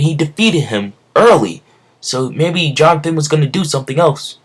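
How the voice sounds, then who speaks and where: A young man with a slightly high, breathy voice improvises a fan story at a moderate pace, sounding animated. He rambles, using many fillers and frequently correcting himself.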